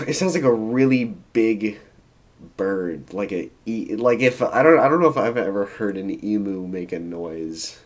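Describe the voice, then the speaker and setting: A man's voice: on the low side, animated, unhurried. A man hosting a casual album reaction, blunt and profane, laughing at his own rants. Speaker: music reaction host.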